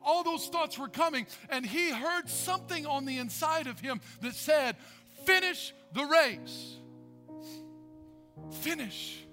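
A male pastor preaching in a very high, bright, forceful voice. He drives his points home with short, repeated punchy phrases. Soft music plays faintly behind him. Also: moderate pace, few pauses. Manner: emphatic, repetitive preaching cadence. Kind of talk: sermon.

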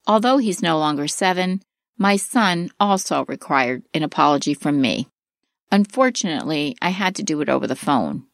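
Expressive middle-aged woman narrating advice. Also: on the low side, dry recording, studio quality. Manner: clear, expressive advice-giving delivery. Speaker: parenting course narrator. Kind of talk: scripted instructional narration.

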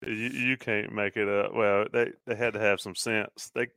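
A man's voice: on the low side, flat delivery, moderate pace, creaky, bright, forceful tone, smooth, dry recording. A male host in a casual chat, rambling as he sets up a question. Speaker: podcast host.

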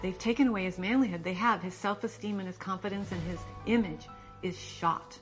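A woman's voice: medium pitch, a little fast, faint music behind. A middle-aged woman, a mother on a talk show, speaking in a frustrated, emphatic way.

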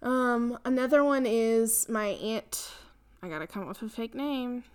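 A woman's voice: on the high side, a little slow, clean tone. Chatty young woman. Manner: rambling, laughs often, filler-heavy. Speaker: podcast co-host. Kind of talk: casual chat.

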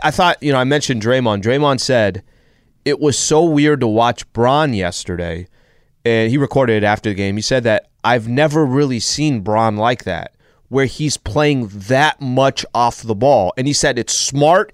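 A man's voice: mid-range voice, dry recording. A man co-hosting sports talk radio in a studio, easygoing, reading listener questions aloud. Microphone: studio microphone.

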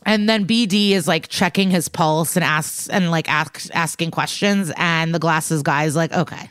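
A woman's voice: low voice, steady tone, moderate pace, fairly bright tone, clean tone, no room sound, studio quality. A woman co-hosting a podcast, chatty and rambling, recapping a TV episode with playful asides. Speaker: podcast co-host. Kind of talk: casual chat recapping a TV episode.

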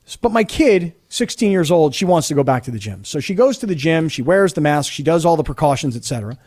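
A middle-aged man hosting sports talk radio, telling a story in an animated, indignant way. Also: on the high side, fast. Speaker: radio host.

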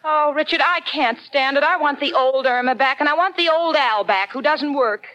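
A fretful, doting friend. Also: female voice, high-pitched, moderate pace, fairly bright tone, no echo, highs cut off. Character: anxious, sensible young woman friend. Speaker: narrator. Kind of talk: 1940s radio comedy acting.

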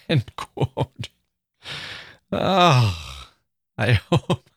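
A man hosting a literary podcast, thoughtful and expressive as he reads and explains. His voice sits in a middle pitch. The sound is dry and close, with no room around it. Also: extremely slow, no room sound. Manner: thoughtful and expressive, reading aloud with feeling. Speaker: podcast host.

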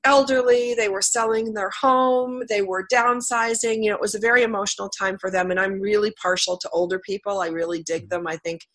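A woman's voice: medium pitch, steady tone, a little fast, hardly any pauses, fairly bright tone. A middle-aged woman hosting a radio talk show, who has a cold and tells stories chattily, laughing often. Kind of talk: casual interview chat.

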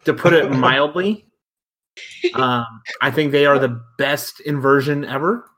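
A man's voice: mid-range voice, measured pace, fairly bright tone. An American man co-hosting a podcast in casual chat, goofy, rambling and self-mocking. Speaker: podcast co-host.

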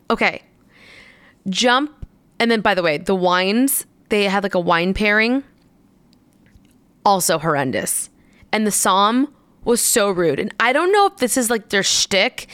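Exasperated woman telling a story, smooth voice. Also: on the high side, dry recording. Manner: animated, exasperated, swearing, many fillers. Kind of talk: casual storytelling.

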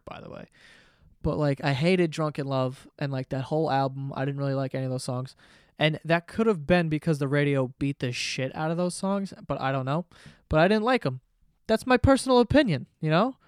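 A man's voice: a little high, clean tone, no room sound, clean studio sound. A young man hosting a casual solo podcast, rambling and swearing, laughing at himself as he talks. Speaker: podcast host.

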